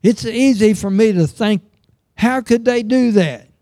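A man's voice: high voice, measured pace, dark tone, no room sound, clean studio sound. A middle-aged man preaching a sermon, earnest and emphatic, reading scripture aloud.

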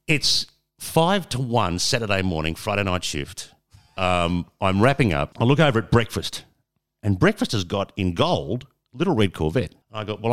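A man's voice: low-pitched, a bit bright. Aussie guy in his 50s, old radio dj, rambly stories, swears a bit, trips over words. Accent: Australian. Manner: rambling anecdotes, swears, frequent restarts. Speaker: radio presenter guest. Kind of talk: casual storytelling interview.

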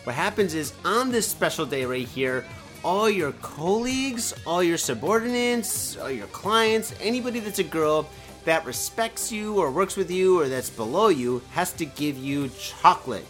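Animated, profane podcast host man. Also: fairly high pitch, unhurried, soft background music. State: tipsy. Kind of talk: casual solo podcast chat while drinking. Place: home in Japan, indoors.

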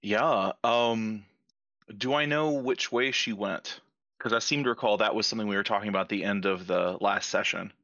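A young man playing a tabletop role-play game, hesitant and clearing his throat. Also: lowish voice, moderate pace, bright, forceful tone, dry recording. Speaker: player. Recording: dull lo-fi dry mic.

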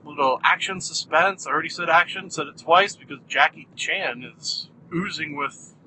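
A man hosting a solo podcast, talking in a wry, deadpan, self-mocking way with jumpy, animated delivery. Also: a little high, moderate pace, slight background noise, low-quality recording. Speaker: podcast host.

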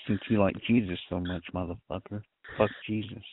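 A man's voice: lowish voice, steady tone, brisk, breathy edge, no echo. A man on a chat line hurling threats and curses in a hostile tone over a tinny phone line.

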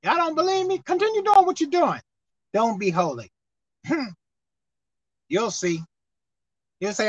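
A man preaching a fiery sermon, repeating lines for emphasis, reading scripture slowly, and breaking into shouts. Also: very high voice, big pitch swings, dry recording. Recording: dull lo-fi dry recording.

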